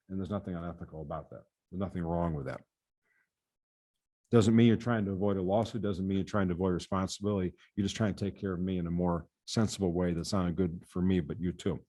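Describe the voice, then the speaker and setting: Earnest low-voiced man testifying. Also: a little mellow. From US Midwest. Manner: earnest, with frequent word repeats. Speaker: patient safety advocate testifying. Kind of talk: prepared committee testimony.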